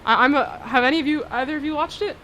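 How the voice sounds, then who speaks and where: A woman's voice: sits high, quick pace, a bit bright, a little hiss or hum. Bubbly young woman hosting college radio. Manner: bubbly, chatty, laughs often. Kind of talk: casual radio chat.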